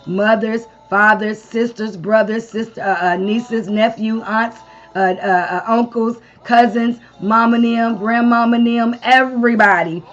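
A woman's voice: on the high side, fairly even intonation, a little slow, highs cut off. A woman preaching a Sunday morning devotion to a live-streamed audience, peppering her sermon with amens and long spoken lists.

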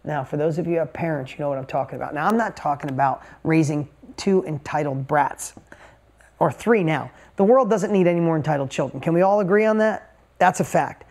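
A man's voice: on the high side, a little fast, darkish tone. A man in his forties, a motivational speaker telling a personal story to a live audience in an emphatic, intense way with punchy repeated phrases.

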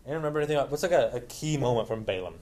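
A man's voice: medium pitch, animated, very fast, darkish tone. A man teaching a Bible lesson in a casual, informal way, retelling a story with lots of asides and questions to his listeners.

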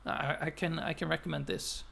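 A man's voice: on the high side, steady tone, moderate pace, vocal fry, a bit bright, a little hiss or hum. An Icelandic man co-hosting a podcast, chatting casually and hesitantly, with lots of restarts. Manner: hesitant, full of restarts and fillers, laughs easily. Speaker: podcast co-host. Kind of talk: casual chat.

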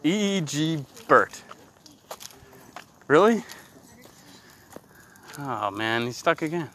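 A man chatting and joking crudely while hiking in the woods, teasing his friend with loud outbursts. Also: on the high side, very animated, takes it slowly, a little hiss or hum. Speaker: hiker filming outdoors. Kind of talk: casual joking chat. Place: woods outdoors.

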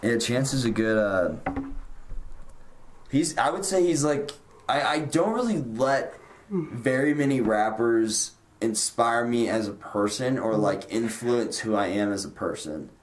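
A man's voice: mid-range voice, lively intonation, measured pace, a little hiss or hum. A young man hosting a casual podcast, talking loosely with lots of fillers. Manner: rambling, loose, many "like" fillers. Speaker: podcast host. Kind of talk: casual chat.

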